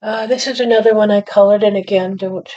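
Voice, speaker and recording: In dull lo-fi audio, a woman chats fairly quickly in a medium-pitched, mellow voice with fairly even intonation. Hosting her card-making channel, she shows her work in a rambling show-and-tell, apologetic and modest about her skill.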